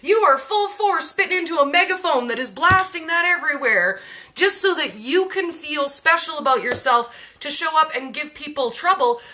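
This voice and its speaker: Bright, lively woman hosting a live chat. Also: sits high, poor audio. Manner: animated, reads viewer comments aloud. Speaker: live show host. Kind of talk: casual live-stream chat. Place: home.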